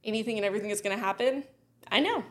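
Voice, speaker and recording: A woman's voice: medium pitch, racing, fairly bright tone. A woman co-hosting a podcast, telling a personal story in blunt casual chat with lots of swearing. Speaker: podcast co-host.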